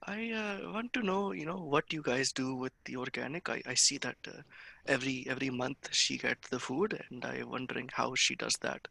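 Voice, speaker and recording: A halting Indian housewife with an Indian accent, as a man puts her on for a sales call role-play over a video call. The voice is bright and edgy with a gravelly fry. The sound is close and dry. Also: medium pitch, no echo. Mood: hesitant. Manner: hesitant, halting speech full of uhs. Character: hesitant Indian housewife, woman, middle-aged.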